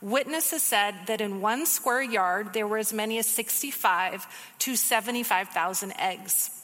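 A woman giving a casual, conversational sermon, teaching from a book of the Bible with quick asides. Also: medium pitch, fairly bright tone, big-room sound.

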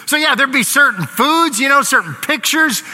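Bright-voiced pastor man in a reverberant hall. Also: very high voice, expressive, normal speed. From Canada. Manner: conversational, filler-heavy, jokes with the congregation. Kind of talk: sermon. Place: church hall.

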